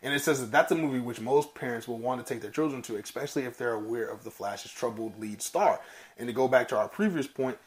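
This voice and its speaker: A man's voice: mid-range voice, fast talker. A man co-hosting a casual movie podcast, swearing freely and reading articles aloud between asides. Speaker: podcast co-host.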